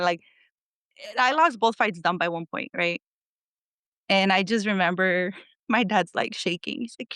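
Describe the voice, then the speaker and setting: A woman's voice: mid-range voice, normal speed, a bit bright, no room sound. A woman in her thirties, a podcast guest telling stories about her athletic career in a casual chatty way, laughing often and acting out what others said. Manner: chatty, laughs often, acts out quotes of family and coach. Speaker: podcast guest, former national team athlete. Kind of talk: casual storytelling interview.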